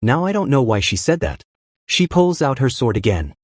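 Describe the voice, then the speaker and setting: A man's voice: mid-range voice, sing-song, normal speed, no room sound, clean studio sound. A man narrating a story recap in a casual, chatty way, tossing in asides about what he doesn't understand. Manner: chatty, admits confusion with asides.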